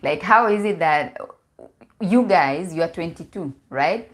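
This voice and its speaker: Woman in her forties, relationship coach doing a casual livestream; lowish voice, animated and outspoken. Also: measured pace. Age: 40s. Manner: animated, mixes in Swahili, repeats words.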